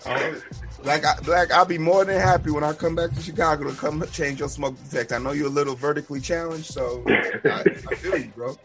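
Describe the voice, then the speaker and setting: A man's voice: fairly high pitch, fairly even intonation, a little fast, music in the background. A man hosting a casual book club podcast, joking and teasing his friends while tired after a long shift.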